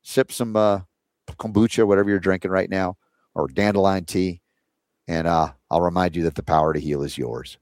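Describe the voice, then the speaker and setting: A male talk show host with a low, slightly mellow voice chats casually, rambling loosely with lots of fillers and restarts. He holds a steady tone at a moderate pace, recorded close and dry with no room sound.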